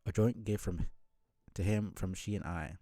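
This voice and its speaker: Deep, gravelly, dark-toned, a man voicing a brash young male adventurer in a fan read-through. He bursts out with quaint exclamations and sounds exasperated and hurried. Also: dry recording, clean studio sound, close to an everyday voice. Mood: flustered. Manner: exasperated, old-fashioned exclamations.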